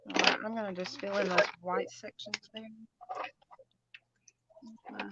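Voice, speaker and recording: A chatty woman hosts a relaxed crafting stream, teasing and chatting between bites of food. Her voice comes through a dull, lo-fi recording with a clear layer of background noise. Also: mid-range voice, moderate pace. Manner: chatty and teasing, eating while talking. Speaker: craft channel host. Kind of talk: casual chat during a crafting livestream.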